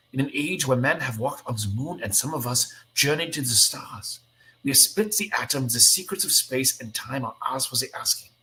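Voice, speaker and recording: A man's voice: mid-range voice, a bit bright, slight background noise, pitched above the performer's own voice, close to an everyday voice, low-quality recording. A man reading as a disillusioned mutant hero. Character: weary, disillusioned male mutant teammate.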